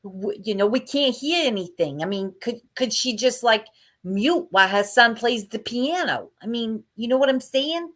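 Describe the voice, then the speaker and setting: A woman's voice: a little high, expressive, normal speed, voice pushed up. A fussy woman panelist complains in a raised, exasperated voice, as a woman puts her on. She sounds a bit farther from the mic than before.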